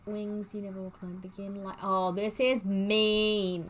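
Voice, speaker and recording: A young woman, chatting casually as she reads quiz questions aloud, gushing and excitable, sometimes humming bits of songs. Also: medium pitch, a little slow, hardly any pauses. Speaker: vlogger doing online quizzes.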